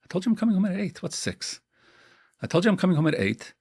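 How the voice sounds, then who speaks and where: An indignant husband repeats himself with mounting insistence, as a man acts him out. His voice has a gravelly edge, heard close and dry. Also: a little high, expressive, normal speed, no echo, pitched above the performer's own voice, heavily acted. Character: exasperated husband coming home early.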